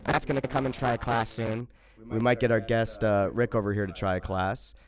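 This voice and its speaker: A man's voice: lowish voice, level tone, brisk. Jokey young man hosting a podcast. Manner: jokey, laughs often, loud bursts. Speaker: podcast co-host. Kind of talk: casual podcast banter with ad reads.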